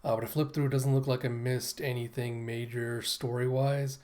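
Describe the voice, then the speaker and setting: A man hosting a casual comic read-through, relaxed and rambling with many fillers. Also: mid-range voice, moderate pace. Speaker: manga read-through host.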